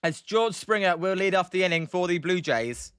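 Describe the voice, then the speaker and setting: A British man with a high, bright, smooth and clear voice hosts casual live play-by-play commentary, calling the game pitch by pitch on a stream. Animated and speaking at normal speed, he chats with viewers and answers their messages between pitches, using many fillers. The recording is close and dry.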